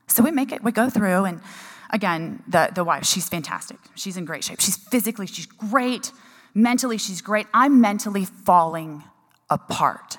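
A woman's voice: mid-range voice, animated, normal speed. Chatty woman in a reverberant hall. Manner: chatty and emotional, many restarts. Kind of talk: personal story in a talk.

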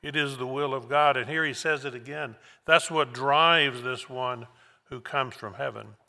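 A man preaching a sermon verse by verse, slow and emphatic, repeating key words for weight. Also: mid-range voice, creaky, sharp tone. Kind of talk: expository sermon. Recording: long hall reverb.

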